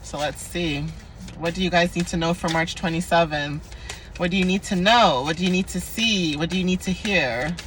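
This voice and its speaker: Young woman, casual oracle reader, bright tone, chatty and sassy, faint room hum behind. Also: lowish voice, moderate pace. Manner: chatty, playful and sassy, with frequent laughs. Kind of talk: casual spiritual card reading.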